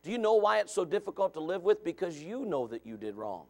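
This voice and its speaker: Man, pastor, high voice, sermon, chatty preaching with sudden shouts. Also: sing-song, fast. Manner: conversational preaching, shifts from quiet asides to shouts.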